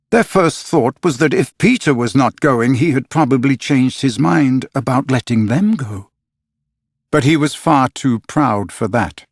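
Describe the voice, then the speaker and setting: A man reading a storybook aloud in measured, expressive narration. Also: medium pitch, no echo, studio quality. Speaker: audiobook narrator. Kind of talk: scripted narration.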